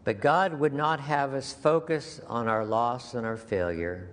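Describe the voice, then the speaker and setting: A man's voice: mid-range voice, fairly even intonation, measured pace, few pauses. A man preaching a sermon as pastor, earnest and conversational, repeating key phrases for emphasis. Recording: long hall reverb with faint noise.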